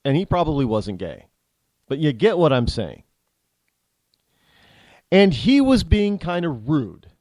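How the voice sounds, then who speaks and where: Blunt, animated male talk show host. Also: fairly high pitch, a little slow, pauses often, no echo. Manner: opinionated and blunt; animated storytelling with frequent restarts. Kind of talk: storytelling monologue.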